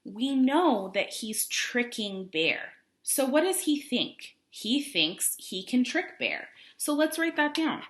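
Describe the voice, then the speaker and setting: A woman teacher giving a recorded reading lesson for children, expressive and encouraging, asking questions along the way. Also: high-pitched, takes it slowly, hardly any pauses.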